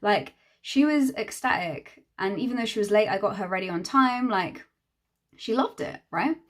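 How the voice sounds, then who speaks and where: Young woman, hairstylist, casual storytime vlog, exasperated, chatty, mid-pitched, close camera mic. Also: animated, normal speed. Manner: chatty, exasperated, acts out quoted dialogue. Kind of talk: casual storytime while doing her makeup.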